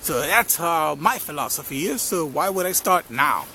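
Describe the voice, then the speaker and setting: A greedy, boastful rich man, acted out by a man, speaks with lively swings in pitch. There is clear outdoor noise behind him. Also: moderate pace.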